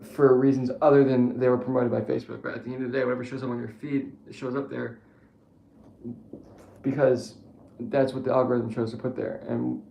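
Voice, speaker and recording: A man's voice: medium pitch, flat delivery, fairly quick, vocal fry, roomy sound, lo-fi sound, slight background noise. A young man in a casual, rambling rant, swearing often and restarting his sentences. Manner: profane, rambling, frequent restarts and fillers.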